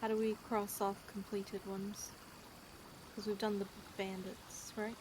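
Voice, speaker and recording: A woman playing a tabletop game, asking short, practical questions. Her voice sits at a middle pitch. A clear layer of noise runs behind her. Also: flat delivery, a little slow. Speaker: player. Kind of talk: casual game chat.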